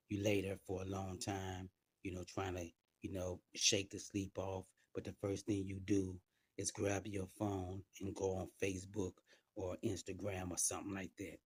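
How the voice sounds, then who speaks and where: A man with a low, dark voice preaches informally, talking straight to the listener with frequent asides. His tone is husky and relaxed, in a dry, close recording with no room sound. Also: no room sound.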